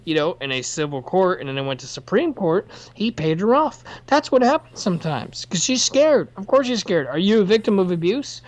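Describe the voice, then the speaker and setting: Profane, ranting podcast co-host. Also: mid-range voice. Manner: apologetic after rants. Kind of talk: casual podcast chat. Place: workplace.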